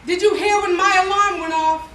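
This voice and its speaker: Woman doing spoken word poetry, high voice, rhythmic refrains, echoey room from far off. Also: fairly even intonation, moderate pace, a bit bright, a little hiss or hum.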